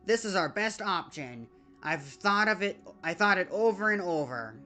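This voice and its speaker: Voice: medium pitch, expressive, normal speed, bright, forceful tone, soft background music. A streamer reading out a desperate android woman. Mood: pleading, insistent. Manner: reading game dialogue aloud with self-corrections. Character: desperate female android pleading, then despairing. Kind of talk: reading video game dialogue aloud.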